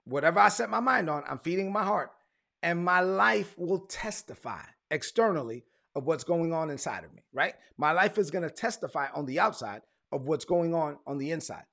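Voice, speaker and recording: A man preaches with emphatic repetition, leaning on key words by slowing right down. His voice sits high and husky, with a gravelly fry running through it. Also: lively intonation, sharp tone. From Brooklyn, United States. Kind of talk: sermon.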